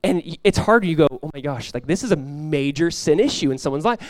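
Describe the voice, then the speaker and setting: A male pastor preaching in a conversational sermon style, dropping to a hushed voice when acting out prayers. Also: a little high, expressive, fast, no echo, clean studio sound.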